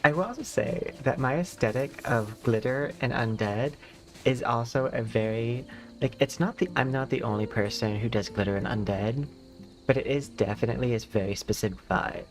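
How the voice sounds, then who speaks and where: A streamer, a man, rambling through casual chat with a slight lisp and lots of "like"s. His voice sits at an ordinary middle pitch. Quiet music plays faintly behind him. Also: moderate pace. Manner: rambling, filler-heavy, chatty.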